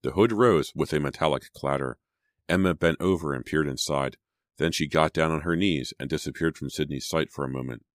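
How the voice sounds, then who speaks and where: A man narrating an audiobook in a measured, suspenseful way. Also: a bass voice, no room sound, clean studio sound. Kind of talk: scripted narration.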